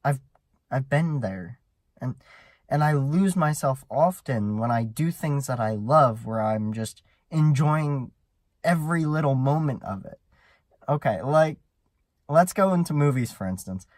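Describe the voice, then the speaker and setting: A man's voice: medium pitch, lively intonation, a little slow, no room sound, clean studio sound. Rambling man hosting a solo podcast. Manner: rambling, earnest, many restarts and fillers. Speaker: podcast host.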